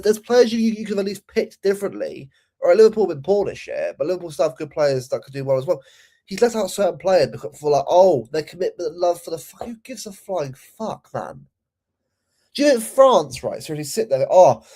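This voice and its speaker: Give me a young man in a heated football rant, swearing and stumbling over repeated words, with a warm, dark voice. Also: on the high side. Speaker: football channel host.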